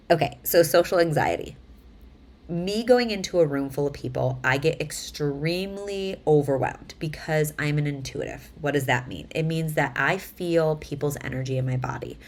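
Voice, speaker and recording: Talking to camera, this mother in her thirties vlogs in a chatty, lively manner, performing the quotes in her stories. She has a low-pitched voice.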